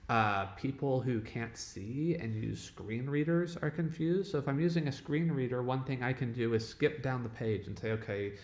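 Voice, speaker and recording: A man's voice: mid-range voice, moderate pace, hardly any pauses. A man teaching a casual lecture, talking in a conversational way and often checking in with "okay?" and "right?". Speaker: web development instructor. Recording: echoey room.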